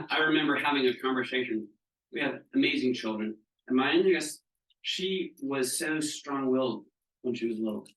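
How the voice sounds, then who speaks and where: A man's voice: mid-range voice, moderate pace, fairly bright tone, far from the mic. A middle-aged man leading a wellness training session to an audience, chatty and casual, often asking whether his listeners follow. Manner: casual, frequent checking questions. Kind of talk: live seminar talk. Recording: echoey room, voice from off mic.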